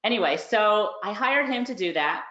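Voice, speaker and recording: A chatty woman tells a story on a live webinar, acting out the calls in quick bursts. Her voice sits in the middle of the range. The audio is roomy and a little dull. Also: mid-range voice, expressive, a bit bright. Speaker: course reviewer and online business host. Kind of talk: casual webinar talk.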